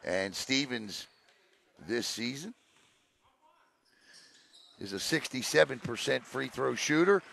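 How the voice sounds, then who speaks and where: Gravelly excitable basketball announcer man. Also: mid-range voice, takes it slowly, pauses often, a little hiss or hum. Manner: excitable, rising to shouts on big plays, joking asides. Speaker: play-by-play announcer. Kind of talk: local high school basketball commentary. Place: gym broadcast position.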